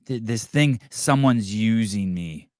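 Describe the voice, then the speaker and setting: A man's voice: on the low side, animated, takes it slowly, dry recording, studio quality. A man hosting a podcast, ranting crudely and mocking people in whiny voices. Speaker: podcast host. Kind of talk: crude comedic rant to live chat.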